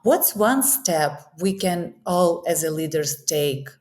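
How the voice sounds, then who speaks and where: A woman interviewer asking a question slowly and hesitantly. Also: lowish voice, lively intonation, a little mellow.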